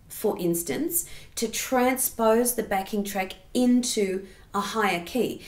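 A woman's voice: on the high side, roomy sound. A woman giving a singing lesson, explaining step by step and breaking into sung examples. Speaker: singing teacher.

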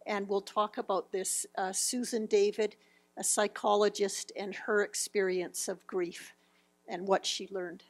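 A woman's voice: mid-range voice, little pitch movement, a little slow. A woman in her fifties presenting a grief seminar, speaking reflectively as she walks through slides and quotes. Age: 50s.

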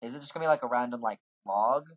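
A man's voice: mid-range voice, very fast, muffled recording. A man casually talking through a role-playing game, reading quest lines aloud in put-on voices. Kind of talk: casual let's-play commentary, reading quest dialogue aloud.

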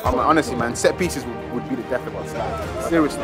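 A man giving lively, slangy amateur commentary on his club's football match. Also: mid-range voice, a little fast, few pauses, music in the background, crowd noise. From South London. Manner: casual slang, cheering and groaning over plays.

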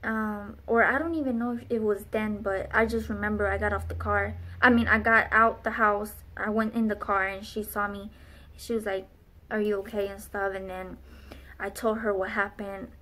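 A woman's voice: mid-range voice, little pitch movement, moderate pace, sharp tone. A young adult woman vlogger telling a personal faith testimony in an earnest, rambling way with many fillers.

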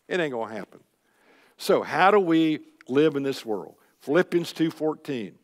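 Older man preaching folksy in a reverberant hall. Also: on the high side. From Texas. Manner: folksy, emphatic preaching with rhetorical questions. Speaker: Christian speaker at a men's luncheon. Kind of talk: sermon. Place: luncheon hall.

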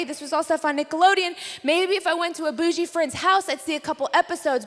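A woman's voice: high voice, a bit bright. A young woman preaching at a conference, telling a personal story in a playful, chatty way with asides to the crowd. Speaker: conference speaker. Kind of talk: sermon. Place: large conference hall. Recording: reverberant conference hall.

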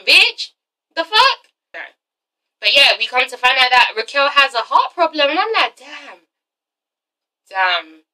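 A woman's voice: a little high, pushed and bright, recorded from a distance, poor audio. A woman doing a casual vlog recap of a TV episode, sassy and swearing freely as she talks straight to her viewers. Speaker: TV episode reviewer.

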